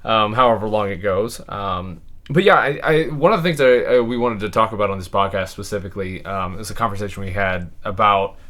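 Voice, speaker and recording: A man hosting a podcast in casual chat, relaxed and loose, with lots of fillers. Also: fairly low pitch, brisk. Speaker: podcast host.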